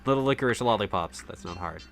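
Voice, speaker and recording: Lively playful man gaming. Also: fairly low pitch, quick pace, creaky, faint music behind. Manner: playful, joking, swears at the game. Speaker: gamer playing a tower defense game. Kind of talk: casual let's play chat.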